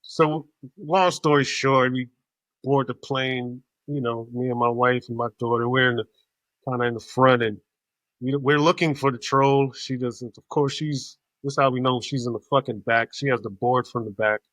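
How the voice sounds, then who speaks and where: A man hosting a podcast, telling a casual story in an animated, profane way. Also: mid-range voice, normal speed, no room sound. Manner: animated, profane, acts out other people's voices. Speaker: podcast host.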